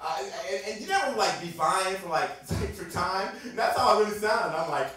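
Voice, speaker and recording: A man's voice: high-pitched, normal speed, hardly any pauses. Guy doing a funny story live, voice all over the place, echoey room, mic far off, crowd laughing. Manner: animated, acts out voices, laughing often. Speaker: stand-up storyteller. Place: small live venue stage. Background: audience laughing.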